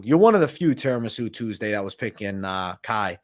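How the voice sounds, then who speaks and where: A man's voice: on the low side, sing-song, fairly quick. A man hosting a live stream of fight predictions, talking in a brash, slangy and profane way. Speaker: host.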